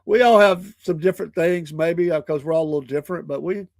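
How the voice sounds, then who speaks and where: A man's voice: on the high side, fast talker, darkish tone, no echo. Older guy rambling on his show, laughs a lot, dry close sound. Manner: folksy, chuckling, rambling storyteller. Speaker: morning show host. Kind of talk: casual podcast chat.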